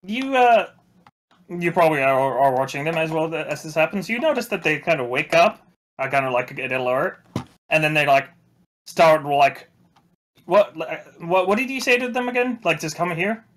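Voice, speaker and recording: A male game master narrates a tabletop session in a slightly high voice that rises and falls a lot. He stops and restarts often and fills the gaps with "um" and "like". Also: expressive, fairly bright tone. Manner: halting, full of fillers and restarts.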